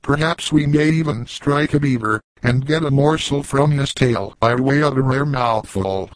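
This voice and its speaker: A man voicing a calm, commanding old frontier trapper who speaks slowly and gravely. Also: mid-range voice, no room sound, close to an everyday voice, poor audio. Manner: slow, deliberate and grave.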